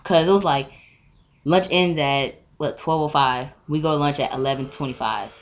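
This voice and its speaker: A teenage girl telling an animated, profane story straight to a webcam, acting out both sides of an argument. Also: low voice, normal speed, slight background noise. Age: teens. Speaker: vlogger. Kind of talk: casual storytime rant.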